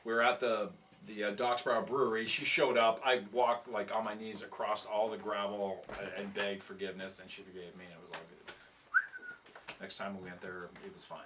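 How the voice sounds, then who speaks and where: A man's voice: lowish voice, huge pitch swings, normal speed, distant mic, background noise. A man telling a long, rambling, profane tour story in casual chat, laughing at himself as he goes. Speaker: guest musician telling tour stories.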